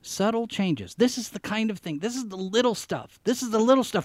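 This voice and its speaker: High-pitched and expressive, this live podcast host talks briskly about the news with no echo on the recording. His casual live-stream commentary rambles, repeats phrases for emphasis, and is thick with fillers.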